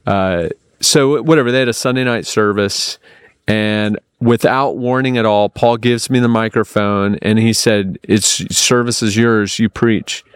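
A man, a podcast guest, telling a long personal story in a casual, animated way, often repeating his words. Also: lowish voice, a little slow, clear, resonant tone, no room sound.

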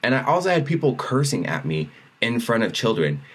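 Speaking fairly quickly with a breathy edge, this medium-pitched man co-hosts a podcast. His casual storytelling is animated, and he acts out what the people in the story said.

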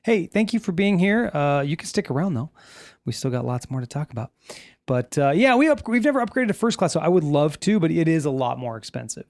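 A podcast co-host with a slightly raised pitch chats easily and laughs often. He reads listener messages aloud in a relaxed way. The mic is close and dry. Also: a little fast, no room sound. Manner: laughing, easygoing, swears casually. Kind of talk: casual chat, reading chat messages aloud.

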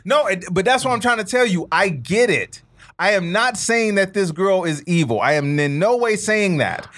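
High-voiced man pressing his point. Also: animated, moderate pace, fairly bright tone. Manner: insistent, repeats himself, stammers. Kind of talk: casual debate chat.

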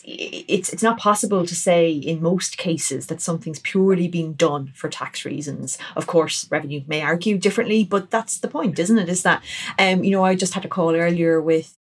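A woman's voice: sits low, normal speed, husky. A woman from Ireland hosting a podcast, talking in a conversational way and thinking aloud. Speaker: podcast host. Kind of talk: podcast interview.

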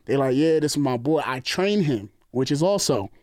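A man from the New York area telling a long story in casual chat, animated and acting out other people's lines. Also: medium pitch, normal speed, dry recording, clean studio sound. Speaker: storyteller guest.

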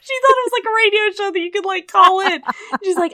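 A woman's voice: very high voice, normal speed. Sick-voiced woman podcast co-host. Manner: animated storyteller, acts out quoted voices. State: sick, voice lowered. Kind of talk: casual storytelling chat.

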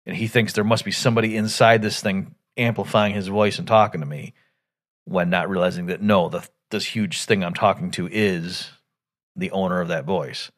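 A man hosting a podcast, casually recapping an old animated film, thinking aloud with restarts and acting out quoted lines in sudden loud bursts. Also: deep voice, moderate pace. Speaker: podcast host.

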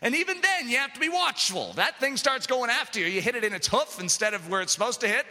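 A man preaching a sermon with passion, dropping to quiet asides and rising to shouts. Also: very high voice, very animated, fast, background noise. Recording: long hall reverb.

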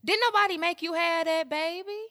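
A young adult woman co-hosting a podcast, talking in a blunt, profane, animated way. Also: very high voice, fairly quick, no room sound. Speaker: podcast co-host. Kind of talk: casual chat.

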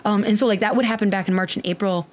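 A woman's voice: mid-range voice, fairly even intonation, rapid-fire. A woman hosting a podcast, talking candidly in a rambling, casual monologue full of fillers and the odd swear word. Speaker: podcast host and clinician.

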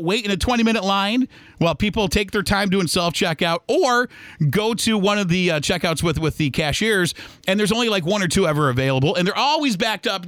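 A man's voice: high-pitched, fairly bright tone, no echo, clean studio sound. A man hosting a solo podcast, rambling casually about everyday errands and acting out other people's voices. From Michigan, US. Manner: chatty and rambling, acts out shoppers' voices. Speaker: podcast host.

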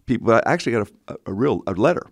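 Fast-talking gravelly comedian man. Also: medium pitch, lively intonation. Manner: quick, chiming in with jokes. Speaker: comedian guest, impressionist. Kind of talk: casual comedic chat.

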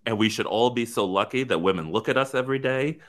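A man co-hosting a podcast in casual chat, talking in an animated, emphatic way with plenty of swearing. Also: mid-range voice, quick pace. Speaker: podcast co-host.

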